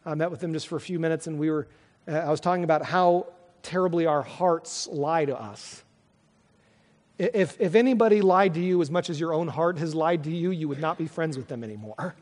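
A man's voice: a little high, fairly quick, a little mellow, long reverb tail. A man preaching a sermon as pastor, earnest and conversational, often restarting his sentences.

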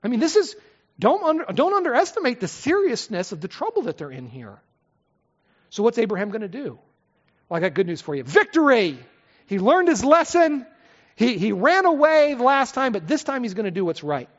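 A man's voice: very high voice, huge pitch swings, fairly quick. A middle-aged man preaching a conversational sermon from the pulpit, full of asides and rhetorical questions. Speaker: pastor. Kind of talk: expository sermon. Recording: echoey hall, slightly dull sound.

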